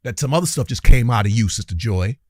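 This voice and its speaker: A man's voice: medium pitch, lively intonation, quick pace, no echo, clean studio sound. A man hosting a reaction commentary, talking in a heated, preachy, colloquial way and speaking straight to his viewers. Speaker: commentary channel host.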